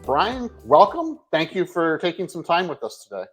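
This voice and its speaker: A man's voice: a little high, animated, brisk, fairly bright tone, faint music behind, low-quality recording. A man hosting an interview, talking in a rambling, self-correcting, friendly way. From Canada. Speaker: host, tax accountant. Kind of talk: casual interview talk.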